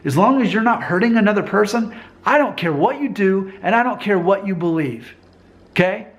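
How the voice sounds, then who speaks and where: A man's voice: high-pitched, animated, moderate pace. A man talking straight to camera in a casual vlog monologue, emphatic and insistent, often repeating his points. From United States. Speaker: vlogger.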